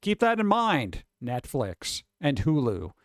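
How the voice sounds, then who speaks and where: A man's voice: mid-range voice, huge pitch swings, slow pace, no room sound, studio quality. A man rambling casually on a live stream, reading out list items and riffing on them in an offhand way.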